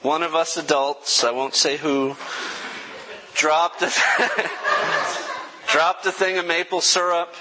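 A man's voice: a little high, steady tone, slow, pauses often, in a large hall, very noisy. A young adult man, a pastor giving an earnest, self-deprecating sermon testimony that turns emotional at times.

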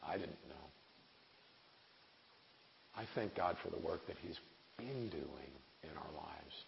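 A man's voice: sits low, expressive, slow, vocal fry. A man in his forties preaching a sermon in an earnest, conversational way with wry asides. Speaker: preacher and missionary. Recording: echoey hall, dull lo-fi sound, faint hiss.

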